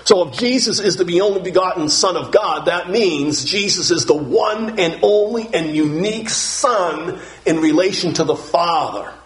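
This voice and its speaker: A man preaching a sermon, emphatic, piling up synonyms and rising to shouts on key words, and putting questions to the congregation. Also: high voice, moderate pace. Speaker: pastor.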